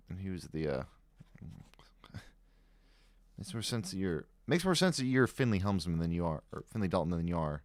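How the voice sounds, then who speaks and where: A man's voice: low-pitched, dry recording. A man streaming a game live, thinking aloud in a musing, questioning way with frequent chuckles.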